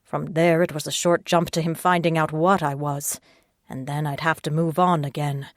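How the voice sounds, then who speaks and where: A woman's voice: sits low, level tone, moderate pace, no echo, clean studio sound. A woman narrating a first-person audiobook with a terse, hard-boiled delivery.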